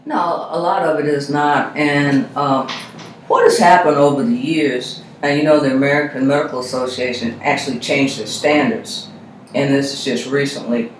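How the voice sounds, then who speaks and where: A man, a reverend, talking through faith and health in a measured, reflective way. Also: mid-range voice, fairly even intonation. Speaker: reverend, guest. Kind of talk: conversational discussion. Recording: very echoey room, faint noise.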